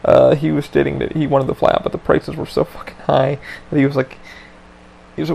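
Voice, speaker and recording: A man's voice: fairly high pitch, little pitch movement, fairly quick, creaky, a little mellow, a little hiss or hum, poor audio. A man hosting a podcast, telling a story in a casual chat with lots of swearing and loose rambling. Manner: profane, laid-back, loose rambling. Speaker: podcast host.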